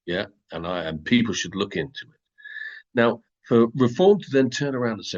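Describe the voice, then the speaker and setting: A man's voice: medium pitch, animated, moderate pace, highs cut off. A man from Britain, a former local party chairman, speaking emphatically as a guest in a political interview over a video call. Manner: emphatic, stresses words, lists things.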